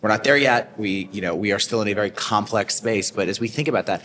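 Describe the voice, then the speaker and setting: Fast-talking deep-voiced host. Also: male voice, fairly bright tone, a little hiss or hum. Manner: upbeat, affirming. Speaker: interview host. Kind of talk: casual business interview.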